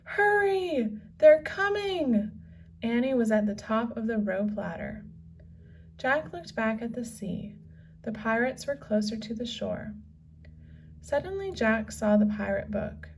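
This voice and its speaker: Slow, expressive woman reading a storybook. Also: fairly high pitch, vocal fry, a little hiss or hum. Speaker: children's book reader. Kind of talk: reading a children's book aloud. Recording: distant from the mic.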